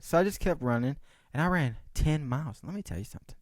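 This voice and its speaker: Animated, rambling young man, lively pitch. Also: fast, no echo, clean studio sound. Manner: rambling, profane, animated, jokey. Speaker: podcast host. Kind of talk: casual solo monologue.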